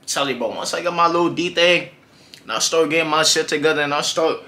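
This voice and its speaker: Chatty slangy guy, bright voice, echoey room. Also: fairly high pitch, fast talker. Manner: slangy, loose and chatty, talking to viewers. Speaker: music reaction host. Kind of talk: casual reaction commentary. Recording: echoey room with faint music behind.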